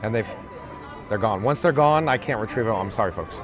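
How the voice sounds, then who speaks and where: A man's voice: fairly low pitch, animated, fairly quick, over music, crowd noise. A man hosting a live stream outdoors on a handheld phone, chatting in a rambling way, jumping between tangents and reading out viewer comments. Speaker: live-stream vlogger, channel host. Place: outdoors at a theme park parade route.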